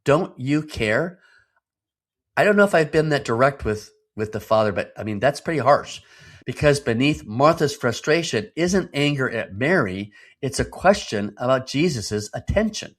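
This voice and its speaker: A man's voice: medium pitch, animated, normal speed. A man in his fifties hosting a devotional podcast, teaching in an earnest, emphatic way and putting rhetorical questions to the listener. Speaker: podcast host.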